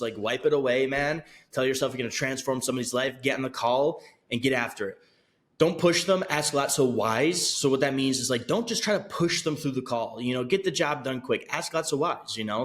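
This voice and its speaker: A young man, a fitness coach, teaching sales in a casual talk to camera, acting out both sides of a call. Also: medium pitch. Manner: animated, acts out both sides of sales calls.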